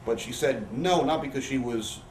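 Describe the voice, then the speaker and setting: As an interview guest in a living room, a man with a medium-pitched voice at a moderate pace tells candid, profane stories. He rambles through anecdotes and often acts out what other people said. The recording sounds roomy and distant, with faint background hiss.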